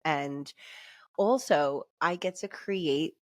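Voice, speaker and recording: Woman podcast guest, lowish voice, super chatty, lots of likes and restarts. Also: takes it slowly. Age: adult with a son and fiance. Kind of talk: casual conversational interview.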